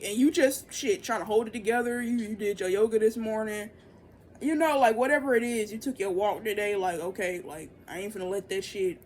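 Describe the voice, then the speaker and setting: A young woman giving a casual, profane oracle reading, loose and chatty, jumping into excited high bursts. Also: a little hiss or hum. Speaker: tarot and oracle reader.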